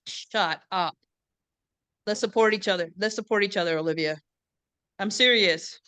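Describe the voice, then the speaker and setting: Woman host from the border, chatty and teasing, crisp bright voice, dry close sound. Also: mid-range voice, moderate pace, no room sound. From US-Mexico border region. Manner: chatty, joking, mixes in Spanish. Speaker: event host and professor. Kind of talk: casual chat hosting a book event. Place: classroom or event room.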